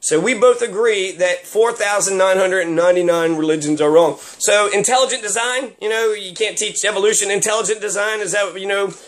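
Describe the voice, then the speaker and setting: A man's voice: sits high, brisk, few pauses. A man giving rambling, sarcastic solo commentary with plenty of fillers. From Kentucky.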